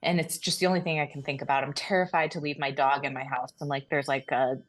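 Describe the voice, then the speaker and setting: Female podcast co-host, low voice, excitable casual storyteller. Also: fast. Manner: animated, breathless retelling with frequent laughs and fillers.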